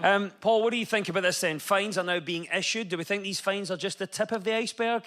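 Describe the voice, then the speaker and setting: A man hosting a comedy panel show, reading out scripted jokes with a brisk, wry delivery. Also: high-pitched, fairly bright tone. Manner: brisk and wry, with punchlines read dry. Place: TV studio with an audience.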